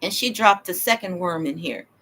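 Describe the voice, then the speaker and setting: A woman's voice: fairly low pitch, animated, normal speed, a bit bright. A woman telling a long personal story in a rambling, emphatic way, acting out what people said to her. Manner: rambling, emphatic, acts out quoted dialogue.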